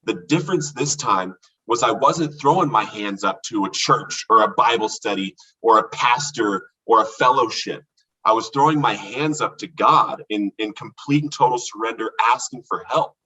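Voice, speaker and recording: A man recounting his recovery from addiction as a podcast guest, earnest and halting, with many restarts. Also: fairly low pitch, pushed and bright, husky, far from the mic, rough recording. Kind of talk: candid testimony in a podcast conversation.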